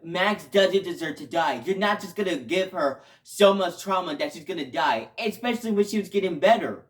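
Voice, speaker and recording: A man giving a casual video review, talking emotionally and rambling, with sudden loud outbursts between quieter stretches. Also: high-pitched, animated, normal speed. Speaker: show reviewer.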